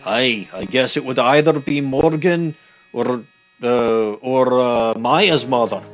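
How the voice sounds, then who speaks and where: A man's voice: mid-range voice, slow pace, muffled recording, faint music behind. A man playing through a game, reading the dialogue aloud in a goofy put-on Scottish accent and commenting on the story. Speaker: let's play streamer.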